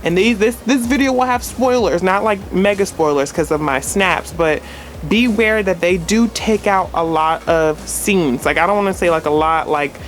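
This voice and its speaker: A man's voice: high voice, moderate pace, a little hiss or hum. A man reviewing a film in a casual vlog, gushing and dramatic, with many restarts and constant "like"s. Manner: rambling, full of "like".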